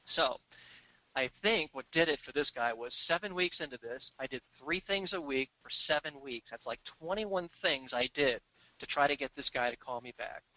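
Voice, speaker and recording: Male sales trainer, bright forceful tone, dry close recording, animated storyteller. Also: mid-range voice, normal speed, no echo, rough recording. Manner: animated anecdotes, acting out quoted voices. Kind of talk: storytelling business talk.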